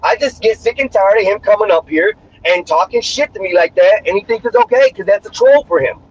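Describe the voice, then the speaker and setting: A man with a strikingly high voice argues on his live stream, defensive and heavy on the profanity. The sound is muffled and lo-fi, with a faint hiss underneath. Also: big pitch swings, brisk. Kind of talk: heated argument on a live stream. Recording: dull lo-fi stream audio, faint noise.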